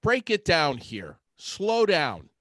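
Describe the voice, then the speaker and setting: Teasing man with a dry lively voice. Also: fairly high pitch, slow pace, no echo. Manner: teasing, pushy, demanding repeats. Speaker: co-host. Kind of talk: casual chat.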